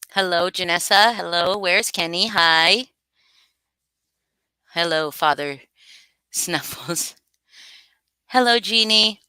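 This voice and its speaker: A woman hosts a casual livestream, reading out viewers' names and swearing freely. Her voice is bright and crisp and sits a little low, recorded dry and close. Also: no echo. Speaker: livestream host.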